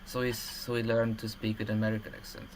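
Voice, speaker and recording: Low, flat-voiced man rambling casually. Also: fast talker, slight background noise, rough recording. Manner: rambling, explains with many fillers and restarts. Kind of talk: casual livestream chat.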